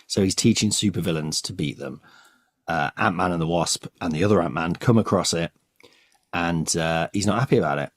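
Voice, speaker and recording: A man co-hosts a casual podcast, retelling comic plots with relish and slipping into the characters' lines. His voice sits on the low side. The sound is dry and close. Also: a little fast, no room sound. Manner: enthusiastic, storytelling, acts out quotes. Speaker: podcast co-host. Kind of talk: casual comic-book chat.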